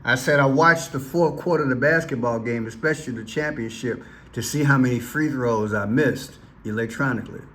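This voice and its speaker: A man's voice: mid-range voice, a little fast, fairly bright tone, a little hiss or hum. A man giving casual, teasing commentary on news clips, with playful asides. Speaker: commentary vlogger.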